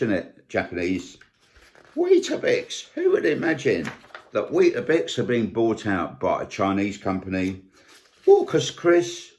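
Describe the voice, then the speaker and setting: An older man, talking in a casual vlog monologue and listing examples with indignant emphasis. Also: mid-range voice. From United Kingdom. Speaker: vlogger.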